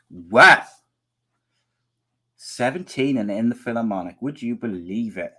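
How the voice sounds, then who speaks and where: A man's voice: mid-range voice, expressive, a little slow, pauses often, sharp tone. A middle-aged man, hosting a live podcast and reading out viewer comments in casual, teasing chat; he is losing his voice. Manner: chatty, teasing, rambling with many restarts.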